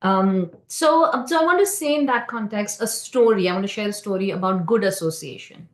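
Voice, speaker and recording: A woman speaks at a temple class and tells a story in a loose, conversational way. She stops and restarts often, fills gaps with "um" and "like", and keeps asking her listeners "right?". Her voice sits at a middle pitch for a woman and rings around a roomy temple hall. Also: a little fast. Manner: hesitant, many fillers and restarts.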